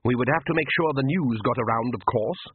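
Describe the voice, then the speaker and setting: A man's voice: medium pitch, brisk, husky, close to an everyday voice. A man voicing a pompous vampire count who talks with heavy, condescending patience, over a tinny radio broadcast.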